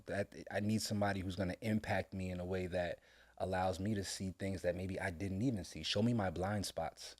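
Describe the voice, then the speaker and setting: A middle-aged man talking earnestly with his son on a casual podcast, heartfelt and sometimes breaking into loud laughing storytelling. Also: low voice. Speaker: podcast co-host, father. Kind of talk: casual father-son conversation.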